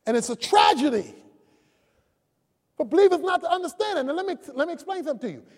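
Pastor, male, emphatic sermon delivery, swooping pitch, leaning hard on key words. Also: expressive, racing. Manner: emphatic preaching, rising to shouts on key words. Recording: long reverb of a large hall.

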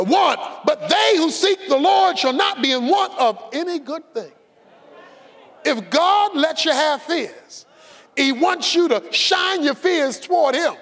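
A man preaching a fiery sermon, shouting and stretching words for emphasis, with a folksy conversational edge. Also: very high-pitched. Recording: long hall reverb.

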